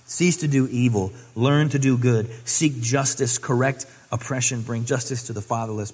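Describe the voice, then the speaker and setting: A man's voice: mid-range voice, breathy edge, big-room sound. A man preaching a sermon, reading scripture aloud and exhorting earnestly. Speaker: pastor.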